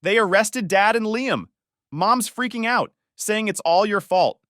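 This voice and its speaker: A man's voice: mid-range voice, big pitch swings, fairly bright tone, dry recording, studio quality. A man voicing a worried young woman, a sister who talks anxiously and in a hurry. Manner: anxious, hurried.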